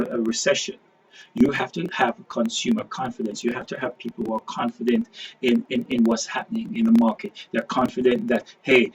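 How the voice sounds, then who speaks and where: A man's voice: medium pitch, gravelly, husky, poor audio. A man hosting his own channel, talking casually to viewers in a rambling monologue, full of restarts and emphatic repeated phrases. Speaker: online preacher and channel host.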